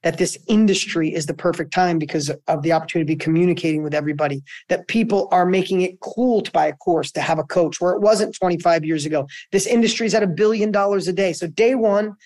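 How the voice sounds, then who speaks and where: A middle-aged man, a guest entrepreneur, telling a story in a conversational interview, energetic and full of restarts and repeats. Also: high voice, fast, hardly any pauses.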